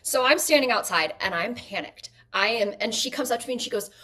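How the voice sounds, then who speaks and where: A woman, an actress and guest, telling stories at home in a lively way and using "like" often. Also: a little high, fairly quick, hardly any pauses. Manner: animated storyteller, frequent "like" fillers. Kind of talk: conversational interview.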